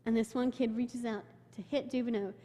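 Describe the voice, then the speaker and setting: A woman's voice: on the high side, steady tone, normal speed, mellow. Young woman telling a church story. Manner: emotional storytelling, quotes people in her own voice. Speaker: mission trip speaker. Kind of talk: personal testimony to a church. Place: church sanctuary. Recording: long hall reverb.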